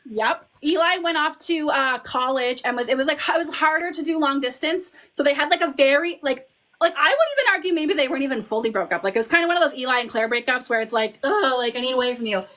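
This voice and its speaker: A young woman with a high, bright voice hosts a livestream. She talks in casual, quick run-on bursts like an excited fan, gushing as she retells events. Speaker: livestream host. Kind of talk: casual chat.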